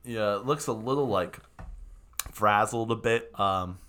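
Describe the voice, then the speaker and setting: Laid-back male game master, rambling narration, bright tone. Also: fairly low pitch, takes it slowly.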